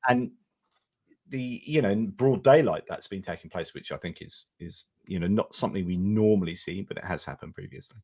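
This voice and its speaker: A man's voice: low voice, a little fast, darkish tone, no echo. A man hosting a live discussion stream, talking casually and rambling with fillers and restarts.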